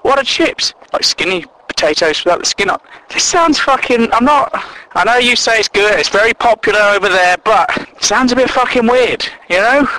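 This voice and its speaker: A man's voice: high voice, animated, moderate pace, sharp tone, rough recording. Man, stand-up comedy, sweary, plays out both sides of dialogues, faint background noise. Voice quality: sweary, incredulous.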